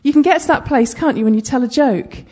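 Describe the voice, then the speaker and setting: A woman's voice: sits high, fast, a little mellow. A woman giving conversational Bible teaching, chatty, with humorous asides and frequent check-ins with her listeners.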